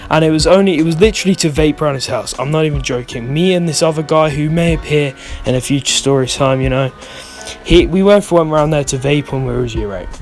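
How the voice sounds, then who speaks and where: A man's voice: a little high, quick pace, soft background music. A young man telling a rambling, swear-filled storytime in a vlog, often losing his thread. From United Kingdom. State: stoned. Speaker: vlogger.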